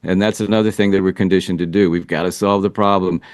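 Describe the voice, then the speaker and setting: Reflective lowish-voiced male relationship coach. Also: fairly even intonation, quick pace, no echo, studio quality. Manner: earnest and reflective, thinking aloud. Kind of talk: interview answers, casual advice.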